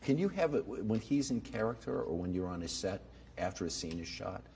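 An older man interviewing two guests, asking questions in a slow, halting way with filler sounds between phrases. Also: fairly low pitch, sing-song, a little mellow, slight background noise. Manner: halting, slow, fills pauses with 'uh'.

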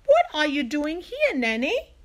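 A woman voicing eager, curious young children in a storybook, asking excited questions. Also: high-pitched, unhurried, slight background noise, pitched above the performer's own voice, full character voice. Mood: eager questioning.

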